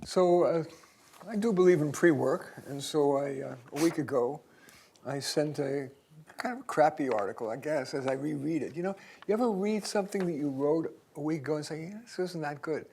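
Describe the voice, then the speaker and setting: A man giving a career seminar in a university auditorium, reading his own article aloud slowly and deliberately though he calls himself a fast talker. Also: on the high side, gravelly, a little mellow, slight background noise. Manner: deliberately slowed, self-described fast talker.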